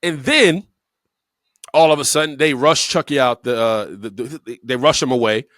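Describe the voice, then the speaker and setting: A man's voice: mid-range voice, normal speed, a bit bright, dry recording, studio quality. A man co-hosting a podcast, telling a story bluntly and repeating words for emphasis. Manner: profane, blunt. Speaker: podcast co-host. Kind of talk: casual storytelling chat.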